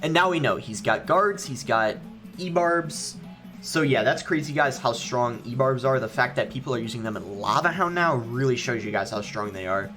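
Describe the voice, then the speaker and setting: A young man talks through his gameplay in a relaxed, offhand way. His voice sits at an ordinary middle pitch, and he fills pauses with ums as he thinks aloud. Soft background music plays underneath. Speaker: gaming YouTuber. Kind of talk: live gameplay commentary.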